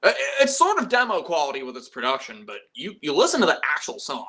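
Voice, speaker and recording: A man's voice: a little high, huge pitch swings, fast, bright, forceful tone. A man hosting a casual live stream about metal music, reading viewer messages and rambling animatedly, swearing freely. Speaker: metal YouTube channel host.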